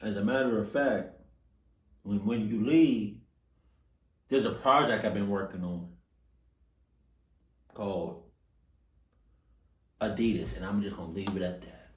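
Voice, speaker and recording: A man reacting to a video with loud, profane outbursts and low muttered asides. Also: steady tone, measured pace, long pauses, echoey room. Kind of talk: casual reaction commentary.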